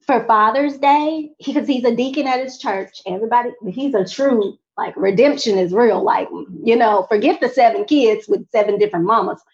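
A young adult woman telling a personal faith testimony in an animated way, talking straight to her audience. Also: fairly high pitch, moderate pace, muffled recording. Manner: animated, addresses audience directly. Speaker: speaker sharing a testimony.

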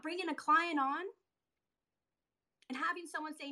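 A woman fitness coach delivers an emphatic motivational talk on a live stream, captured on a phone mic during the video. She speaks at a moderate pace with long pauses and a sharp tone, building to urgent, pressing, pitched delivery.

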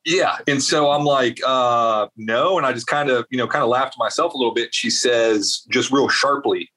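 This man is a guest in an interview, telling a winding story. He keeps stopping to restart and add little asides, and his voice sits at a middling pitch. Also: fairly quick. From South Carolina. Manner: rambling, animated storyteller with many fillers. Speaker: veterans advocate guest.

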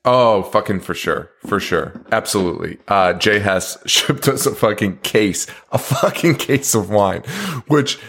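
A man with a somewhat low voice co-hosts a podcast in loose, casual chat. He talks in a laid-back way, laughs a lot and swears freely while telling stories to his co-host. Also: unhurried, fairly bright tone, a little hiss or hum.

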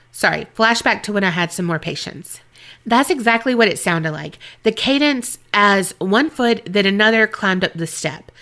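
A woman co-hosting a podcast, reading a listener's story aloud and then chatting casually, animated and laughing often. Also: mid-range voice. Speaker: podcast co-host.

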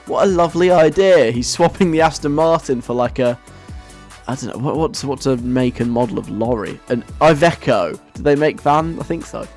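Casting a joking, chatty man as a radio host, mid-pitched, faint music underneath. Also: moderate pace, darkish tone. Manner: playful, rambling, chuckling. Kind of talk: casual radio chat.

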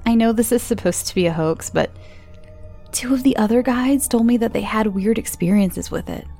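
A condescending young tour guide with a smug, chirpy lilt, put on by a woman narrator, pitched well above the narrator's usual voice. Faint music drifts behind her. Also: normal speed, mellow.

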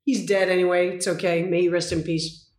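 A woman's voice: on the low side, level tone, brisk, a little mellow. Older woman, sixties, intense dramatic storyteller, roomy echo. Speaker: guest. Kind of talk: interview conversation.

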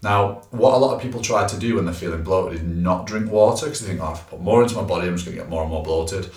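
Man, fast talker, personal trainer podcast host, roomy echo. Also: sits low, darkish tone. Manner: chatty, filler-heavy, explains tips to listeners. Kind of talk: casual podcast chat. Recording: echoey room, a bit far from the mic.

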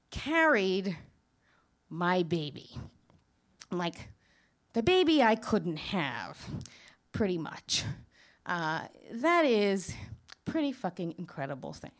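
A middle-aged woman from Queens with a New York accent, telling a candid, profane story on stage, full of restarts. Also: medium pitch. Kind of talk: live storytelling monologue.

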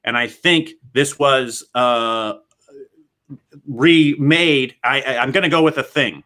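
A man's voice: mid-range voice, slow pace, pushed and bright. A man co-hosting an online show, chatting casually and answering trivia, with a hesitant and friendly way of talking. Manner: hesitant, lots of restarts, friendly. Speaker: co-host.

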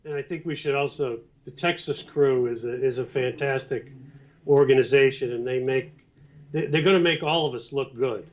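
A man who co-hosts a TV series, telling stories in a relaxed way with "you know" and "uh" fillers. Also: mid-range voice, moderate pace. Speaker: TV series co-host. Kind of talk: casual chat. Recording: slightly dull, lo-fi sound.

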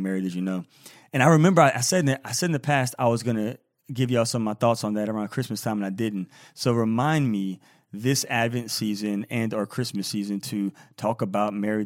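A man's voice: medium pitch, no room sound, clean studio sound. A man who is a Catholic priest, hosting a podcast in a casual, rambling way, reading out listener feedback with lots of fillers and repeated words.

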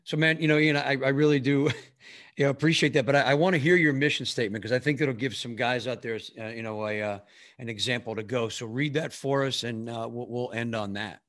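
A male podcast host talking in a relaxed, encouraging way, full of casual fillers as he draws out his guest. His voice sits at an ordinary middle pitch. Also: fairly quick. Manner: warm, encouraging, lots of "man" and "you know".

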